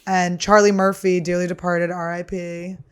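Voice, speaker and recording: A woman's voice: on the low side, moderate pace, clean tone. A woman comedian hosting a podcast, telling stories in a casual, chatty way, swearing freely and laughing as she talks. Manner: animated, laughs through her stories. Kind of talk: casual storytelling.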